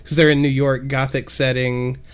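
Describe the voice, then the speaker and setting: A man co-hosting a podcast in casual chat, talking in a relaxed, rambling way. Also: medium pitch, normal speed, clear, resonant tone. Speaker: podcast co-host.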